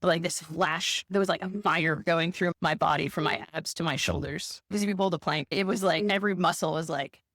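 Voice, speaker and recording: A woman in a casual conversation, reflective and animated as she tells a story. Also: deep voice, brisk, few pauses, dry recording, clean studio sound. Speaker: podcast co-host.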